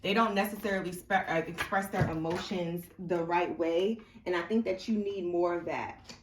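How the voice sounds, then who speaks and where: A woman's voice: on the low side, moderate pace, recorded from a distance, noisy background. Congested woman reading tarot, echoey room. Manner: chatty and rambling, many fillers and restarts. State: congested sinuses. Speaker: tarot reader. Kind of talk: casual tarot reading to camera. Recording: echoey room, mic set back.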